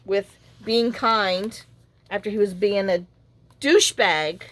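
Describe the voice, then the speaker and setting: A woman, talking in a casual, rambling way while she works on a craft project at home. She tells a story frankly, with sighs and asides. Her voice sits at an ordinary middle pitch. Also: takes it slowly, dry recording. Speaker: crafting vlogger.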